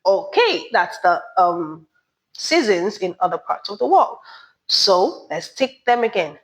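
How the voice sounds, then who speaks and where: A woman teaches beginners at an unhurried pace. Her pitch rises and falls a lot as she stresses each new word. She often checks in with "okay?" and asks for repetition. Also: sing-song, rough recording. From Nigeria. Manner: drills words slowly, asks learners to repeat, checks with "okay?". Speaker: French teacher. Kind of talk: beginner language lesson.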